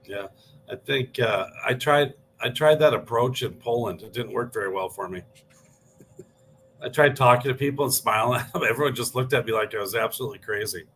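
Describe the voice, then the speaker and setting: A man's voice: mid-range voice, brisk, a bit bright, a little hiss or hum. A man co-hosting a radio show, talking in an easygoing, joking way. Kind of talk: casual radio talk.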